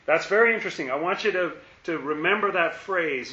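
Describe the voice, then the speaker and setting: Male Bible teacher, chatty and musing, lingers on phrases; tense bright voice. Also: fairly high pitch, animated, echoey room, dull audio, slight background noise. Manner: musing, repeats key phrases slowly for emphasis. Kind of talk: conversational Bible study.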